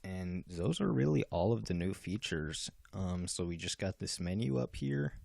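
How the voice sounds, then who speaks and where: A man with a deep voice and a gravelly edge walks through the menus of a program he built. He explains in a loose, casual way, with fillers and restarts. The sound is dry and close, with no room around it. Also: animated, normal speed, a little mellow, no room sound. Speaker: game developer demoing his software. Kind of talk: casual software walkthrough.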